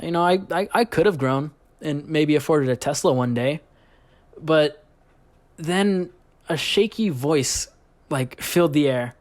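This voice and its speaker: A young man narrating a comedic story in a profane, rambling, deadpan way. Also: on the high side. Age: young adult. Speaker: YouTube storyteller.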